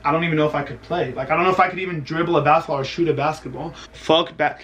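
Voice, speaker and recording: A man's voice: fairly high pitch, steady tone, rapid-fire, fairly bright tone, a little hiss or hum. A man in his twenties venting in an exasperated, self-pitying rant about his team losing, filmed at home late at night. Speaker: vlogger. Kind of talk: venting sports reaction vlog.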